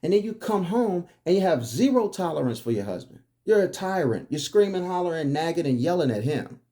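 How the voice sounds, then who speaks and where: A man's voice: on the high side, very animated, brisk, mellow. A man delivering a preachy monologue, firing off emphatic, repetitive rhetorical questions. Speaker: commentary host.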